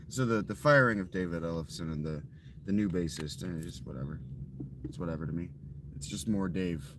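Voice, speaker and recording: Male gaming streamer, deep-leaning voice, deadpan profane chatter over steady background noise. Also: a little fast. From Ohio. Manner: dry, offhand, profane. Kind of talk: casual live game commentary.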